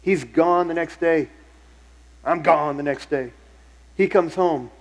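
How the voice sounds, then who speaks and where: Pastor, man, middle-aged, fairly high voice, conversational sermon with repeated phrases for emphasis. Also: slow, poor audio. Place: church sanctuary.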